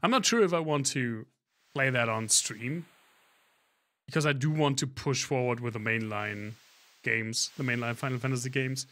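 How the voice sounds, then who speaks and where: A man's voice: medium pitch, moderate pace, fairly bright tone. A man streaming a video game, talking casually and thinking aloud, often trailing off and restarting his sentences. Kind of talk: live-stream gameplay commentary.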